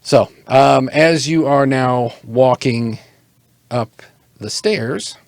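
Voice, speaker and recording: A man narrating as game master of an online tabletop game, halting and relaxed, with lots of fillers. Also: mid-range voice, vocal fry, dry recording, studio quality.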